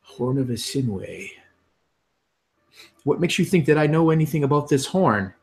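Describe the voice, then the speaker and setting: A man voicing a wise older male ranger who speaks in a measured, formal way. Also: medium pitch, lively intonation, darkish tone, breathy edge, pitched above the performer's own voice.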